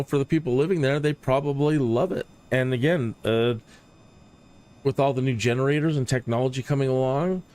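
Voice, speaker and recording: A man's voice: medium pitch, darkish tone. A man hosting a livestream, talking in a rambling, opinionated way and often repeating words. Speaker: flight sim streamer. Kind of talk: casual livestream commentary.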